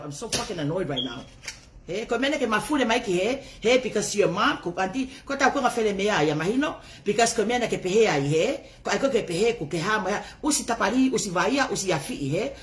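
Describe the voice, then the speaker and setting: A woman's voice: medium pitch, animated, fast. A woman ranting angrily on her livestream, heated and profane, swinging between English and Tongan. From not raised in Tonga. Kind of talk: angry livestream rant.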